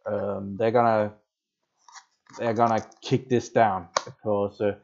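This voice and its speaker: A man's voice: on the low side, flat delivery, slow pace, darkish tone, dull audio. Chatty man on a live stream. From Denmark. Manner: rambling, chatty, reads and greets viewers' comments. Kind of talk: casual live stream chat. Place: home, near a basement workshop.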